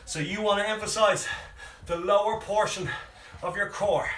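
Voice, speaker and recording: High, bright-voiced panting fitness coach. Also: male voice, steady tone, normal speed. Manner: encouraging, counts down reps aloud. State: out of breath. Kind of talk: live workout instruction with counting. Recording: roomy sound from a distant mic with faint music behind.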